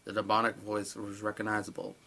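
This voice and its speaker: Casting: male reader of creepy stories, bright voice, sarcastic exasperated asides. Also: lowish voice, completely flat delivery, a little fast, vocal fry. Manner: sarcastic, exasperated asides between hushed reading. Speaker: narrator. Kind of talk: creepy story reading with commentary.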